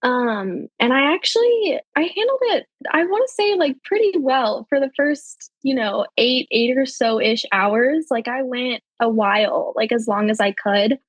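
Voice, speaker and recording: A young adult woman, a podcast guest telling her personal story in a chatty way, full of fillers, her voice jumping higher when she quotes people. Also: lively intonation, unhurried, few pauses, no room sound. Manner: chatty, heavy with fillers like um and you know.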